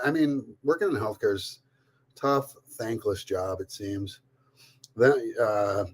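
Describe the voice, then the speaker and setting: Middle-aged male streamer, loose and profane, talks to chat while cooking, medium pitch. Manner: chatty, profane, talks to viewers by name. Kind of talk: casual live-stream chat.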